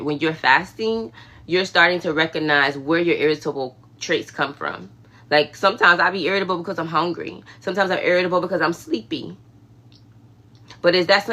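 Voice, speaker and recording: Female livestream host, casual faith talk, low pitch, bright sharp tone. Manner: emphatic, conversational, preachy asides.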